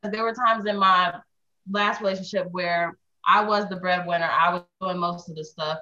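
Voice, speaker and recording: Young woman, candid and reflective, bright voice, dull lo-fi recording. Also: lowish voice, steady tone, normal speed. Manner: reflective, candid about her own faults. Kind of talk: casual podcast chat.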